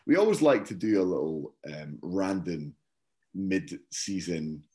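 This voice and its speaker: A man co-hosting a football podcast, chatting in a relaxed, rambling way with lots of fillers. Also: sits low, a little slow. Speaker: podcast co-host. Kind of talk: casual chat.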